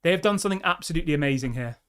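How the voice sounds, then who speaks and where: A young man, hosting a live fan stream, chatty and excitable while reading out viewer comments. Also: fairly high pitch, racing, smooth. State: out of breath. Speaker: fan channel host.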